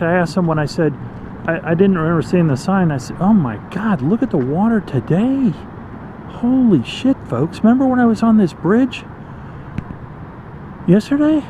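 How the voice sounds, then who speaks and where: A man's voice: on the high side, warm tone, muffled recording, slight background noise. A man vlogging while he walks outdoors by a creek, rambling and joking with his viewers. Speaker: vlogger, treasure hunter. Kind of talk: casual walking vlog. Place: outdoors by a creek in a city park.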